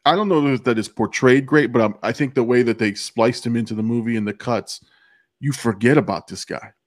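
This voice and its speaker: A man's voice: mid-range voice, a little fast, no echo, clean studio sound. A man co-hosting a podcast, chatting casually about a movie, often restarting his sentences and swearing. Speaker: podcast co-host.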